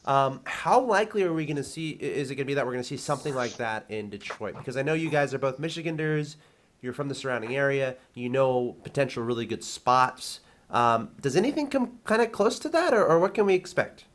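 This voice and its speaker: A man's voice: medium pitch, expressive, brisk. A man hosting a casual esports chat show, his voice nasal from a cold, often stumbling over the first words. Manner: stammering, repeats words at starts. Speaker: host and caster.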